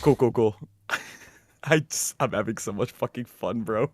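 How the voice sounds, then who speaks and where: A man co-hosting a casual livestream, wired and excitable, giggling often as he reads donations. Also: mid-range voice, measured pace, husky, no echo, clean studio sound. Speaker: stream co-host.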